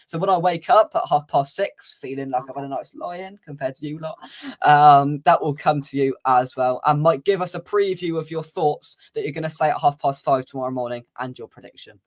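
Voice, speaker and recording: Chatty guy hosting a fan livestream, voice sits a bit high, laughs a lot between comments. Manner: chatty, laughs often, reads out viewer comments. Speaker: fan channel host. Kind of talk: casual livestream chat.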